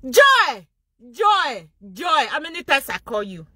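A woman with a Nigerian accent hosting a gossip commentary vlog. She mocks loudly and keeps breaking into laughter. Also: high voice, sing-song, slow, dry recording. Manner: mocking, laughs loudly and often. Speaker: vlogger and show host.

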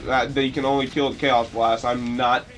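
A man's voice: mid-range voice, flat delivery, moderate pace, slight background noise. A young man commenting on a video game he is playing, rambling and sarcastic, with sudden mock-dramatic outbursts. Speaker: let's play commentator. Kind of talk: gameplay commentary.

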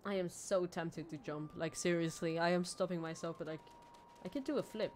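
A woman streaming a video game, rambling and joking to herself, swinging from low mumbles to sudden squeals. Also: brisk, darkish tone, a little hiss or hum. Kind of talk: casual let's-play commentary.

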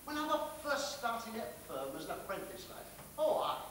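An actor playing a blunt, hearty factory boss, telling a folksy story. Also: male voice, high-pitched, sing-song, brisk, fairly bright tone, slight background noise. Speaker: factory owner giving advice. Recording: roomy film sound from a distant mic.

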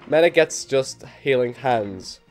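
A man with a Liverpool accent and a slight cold, giving excitable let's play commentary and yelping at his own mistakes. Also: slow, soft background music. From England. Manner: excitable, sudden high yelps at mistakes, self-mocking. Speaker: gamer.

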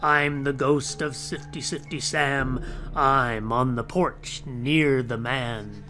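A man voicing a loud, greedy male ghost with a booming, bellowing voice in a storybook read-aloud. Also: steady tone, slow, soft background music. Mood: menacing.

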